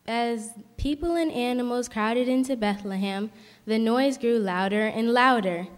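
Woman, storybook narrator, slightly high voice, measured, long hall reverb.

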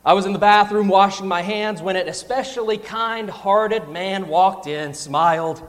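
A young man preaching a sermon, telling a humorous personal story in an animated storytelling manner. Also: sits high, moderate pace, in a large hall.

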